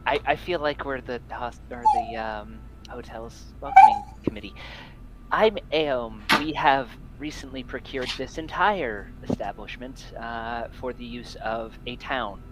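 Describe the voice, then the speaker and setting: A man's voice: medium pitch, big pitch swings, measured pace, heavy background noise. A man playing his character in a tabletop game, playful and joking. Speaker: player. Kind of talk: tabletop role-play.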